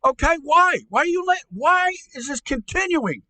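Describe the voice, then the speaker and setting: A man playing an angry middle-aged uncle in a comedy podcast, ranting loudly, swearing and stammering. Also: very high-pitched, big pitch swings, normal speed, no room sound, exaggerated voice. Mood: furious ranting. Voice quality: shouty, profane, stammering. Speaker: podcast co-host. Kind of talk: comedic rant.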